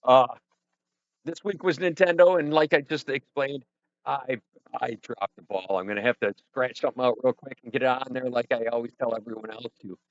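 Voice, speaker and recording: A man's voice: medium pitch, fairly quick, dry recording. Man, livestream host, rambling and self-deprecating, dull muffled audio, dry close sound. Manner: rambling, self-deprecating, talks to chat and himself. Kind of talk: casual livestream chat. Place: home studio. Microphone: headset or desk mic with headphones.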